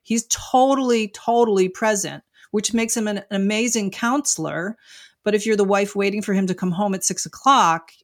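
A woman's voice: mid-range voice, moderate pace. Frank, reflective middle-aged woman. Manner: reflective and frank, with many "you know" and "like" fillers. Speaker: author and marriage coach, guest. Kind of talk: candid interview conversation.

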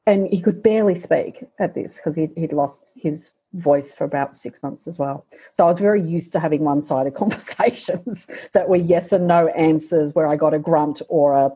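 Husky, mellow-voiced middle-aged woman. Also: deep voice. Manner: halting and reflective, with frequent fillers and restarts. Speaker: guest. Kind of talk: personal storytelling in conversation.

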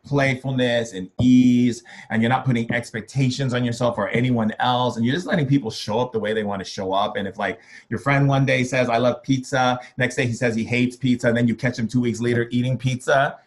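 A man's voice: medium pitch, steady tone, a little fast, hardly any pauses. Man, spiritual workshop guest, playful, jokey, medium voice, casual chat. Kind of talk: casual conversational interview.

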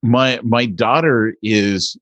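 A man co-hosting a podcast in a relaxed, chatty way, telling family stories at an easy clip. His voice sits at a middle pitch, and the recording is dry and close with little room sound. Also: slow, no room sound, lo-fi sound. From Southern California. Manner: relaxed storytelling. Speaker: podcast co-host. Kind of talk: casual chat.

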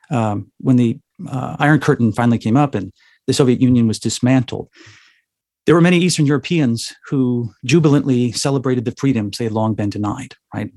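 A man's voice: mid-range voice, darkish tone, no room sound, studio quality. A man as an interview guest, talking in a thoughtful, lecturing way and often checking in with "right?". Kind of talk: interview answer, explanatory.

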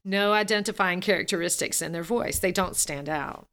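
A woman's voice: on the low side, normal speed, a bit bright. A woman who coaches singers and speakers, talking animatedly in an interview and laughing often. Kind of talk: casual interview talk.

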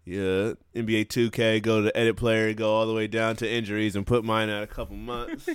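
A man's voice: on the low side, little pitch movement, brisk, clean tone, dry recording. A young man co-hosting a casual podcast, joking and punning with a friend and laughing often. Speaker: podcast co-host.

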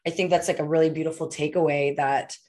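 A woman's voice: low-pitched, steady tone, quick pace, a little mellow. A woman hosting a podcast interview, reflecting and encouraging her guest in casual talk. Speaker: podcast host.

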